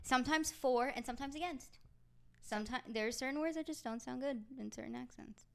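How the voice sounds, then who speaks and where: A young woman with a fairly high voice co-hosts a loose, chatty podcast. She is wry and teasing, ribs her friends, and gives her opinions plainly. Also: brisk, creaky, clear, resonant tone. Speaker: podcast co-host. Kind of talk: casual chat.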